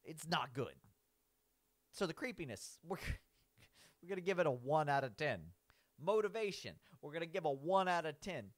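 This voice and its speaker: Animated rambling man reviewing cartoons. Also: on the high side, moderate pace, pauses often. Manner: rambling, says "like" constantly, restarts sentences, laughs at his own points. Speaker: YouTube commentator ranking cartoon villains. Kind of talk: casual rambling commentary.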